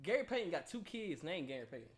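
A man's voice: fairly high pitch, very animated, fast talker. A man co-hosting a podcast, playfully arguing his point in casual banter. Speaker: podcast co-host.

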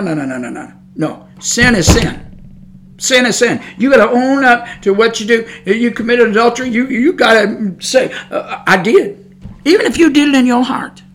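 A woman preaching on a podcast, emphatic and scolding, repeating her points. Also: on the high side. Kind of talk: preaching monologue.

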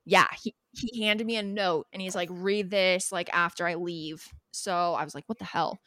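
A woman's voice: on the low side, moderate pace, no echo. A young woman co-hosting a podcast, chatting casually and telling a story with lots of acted-out quotes and laughter. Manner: animated storyteller, acts out quoted people, laughs often. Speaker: podcast co-host. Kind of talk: casual chat recapping a reality show.

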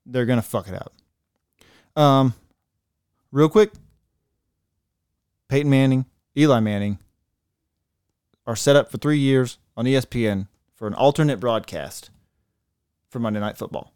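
A man's voice: mid-range voice, unhurried, long pauses, a little mellow, clear, resonant tone, no echo, studio quality. A man co-hosting a sports podcast in casual, profane and opinionated chat.

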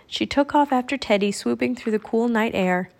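A woman with a somewhat high voice reads a children's adventure book aloud. Her narration is clear and expressive, paced for young listeners. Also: normal speed. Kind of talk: audiobook reading.

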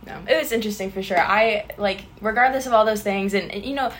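Quick, earnest young woman from the South. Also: medium pitch, a bit bright, a little hiss or hum. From American South. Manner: earnest, reflective. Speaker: podcast co-host. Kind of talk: casual chat.

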